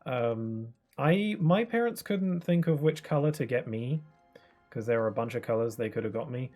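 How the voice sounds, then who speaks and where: A man's voice: mid-range voice, lively intonation, normal speed, a little mellow, soft background music. A young man in his twenties chatting casually while streaming a game, rambling with lots of fillers and restarts. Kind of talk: casual live-stream gaming chat.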